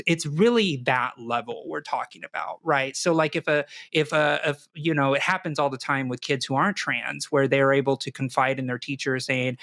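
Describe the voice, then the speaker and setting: A man's voice: mid-range voice, dry recording, clean studio sound. A man co-hosting a talk show, an educator and parent, talking animatedly with frequent restarts and acting out what kids and parents might say. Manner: animated, restarts often, acts out quoted kids. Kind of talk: casual discussion with a caller.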